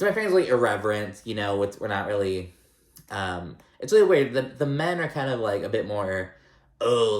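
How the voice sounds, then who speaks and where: Chatty, profane man with a low voice. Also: reverberant. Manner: chatty, profane, rambling with many likes. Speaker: recap vlogger. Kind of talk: casual reality TV recap.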